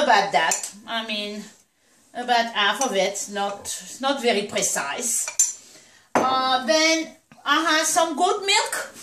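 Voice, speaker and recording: A woman's voice: sits high, a bit bright, a little hiss or hum. A woman chatting through a puppy feeding demonstration, cheering and coaxing the puppies as she goes. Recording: echoey room, mic at a distance.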